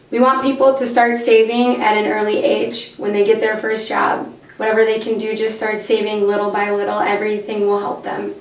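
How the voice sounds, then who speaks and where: A young woman giving a class presentation while losing her voice, steady with fillers. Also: medium pitch. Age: young adult. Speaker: student presenter. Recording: echoey room, far from the mic, faint noise.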